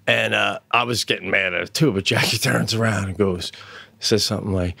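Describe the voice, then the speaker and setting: A middle-aged man co-hosting a casual podcast chat, telling stories with loud acted-out quotes and plenty of swearing. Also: on the low side, normal speed, vocal fry, no echo. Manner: animated storyteller, acts out loud quotes, swears freely. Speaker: podcast co-host. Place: home studio.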